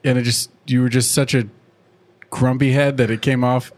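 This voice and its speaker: A man hosting a podcast in casual chat, playful and teasing, quick to laugh. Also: medium pitch, flat delivery, a little mellow. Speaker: podcast host.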